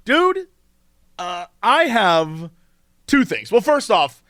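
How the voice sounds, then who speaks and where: High-pitched male co-host, rambling enthusiasm, dry close-mic sound. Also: slow pace, no room sound. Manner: excitable, rambling, with frequent fillers. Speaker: podcast co-host. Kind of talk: casual chat.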